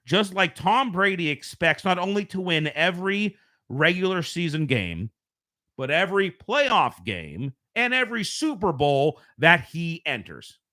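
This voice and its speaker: A man from the US hosts a casual home live stream, speaking into a home streaming mic. His voice sits high with big pitch swings and a bright, forceful tone, at a slightly slow pace. He rambles, self-corrects, and keeps it conversational.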